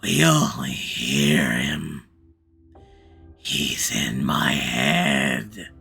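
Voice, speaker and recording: A man voicing a deranged, dying man who hears voices, speaking in a slow, low whisper. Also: sing-song, creaky, pushed and bright, breathy edge, soft background music, full character voice. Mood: unhinged.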